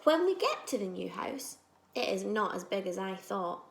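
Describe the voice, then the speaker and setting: A woman teacher reading a children's storybook aloud, expressive, moving between soft asides and loud moments. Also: medium pitch, normal speed, gravelly, roomy sound.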